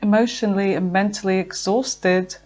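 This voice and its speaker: A woman giving a casual tarot reading, chatty and filled with fillers, talking to herself as she pulls cards and sometimes slowing down to draw out her words. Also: mid-range voice, steady tone, a little mellow. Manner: chatty, with frequent fillers and self-talk. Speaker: tarot reader.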